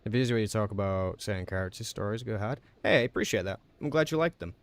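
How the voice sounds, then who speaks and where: A man live-streaming a video game, chatting casually with viewers and reacting out loud as he plays, talking quickly. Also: fairly low pitch. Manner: talks quickly in a relaxed, chatty way.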